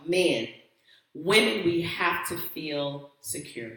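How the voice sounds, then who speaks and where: A woman's voice: low-pitched, expressive, slow, fairly bright tone. A woman hosting a talk show, challenging her co-host with pointed questions in a casual debate. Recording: echoey room.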